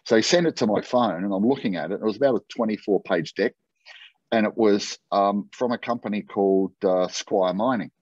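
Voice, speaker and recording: An Australian man, a guest in an interview, telling a long story in a lively, conversational way and acting out the dialogue. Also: on the low side, brisk, dry recording. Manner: animated anecdote-telling, acting out quoted dialogue. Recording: dull, lo-fi and dry.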